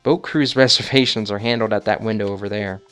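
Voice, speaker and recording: A man voicing a polite boat-cruise clerk, reading the game's text slowly and formally. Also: on the low side, steady tone, a bit bright, smooth, faint music behind, lightly acted.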